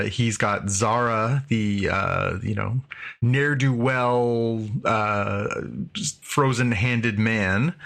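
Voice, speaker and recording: A man's voice: on the low side, fairly bright tone. A man hosting a podcast, recapping a TV episode casually, rambling with many fillers and paraphrasing the characters' lines. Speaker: podcast host.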